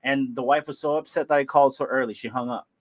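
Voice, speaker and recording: A man from Hawaii, hosting a livestream and telling a story in an animated way, laughing and acting out voices. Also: medium pitch, quick pace. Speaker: livestream host. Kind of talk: casual storytelling.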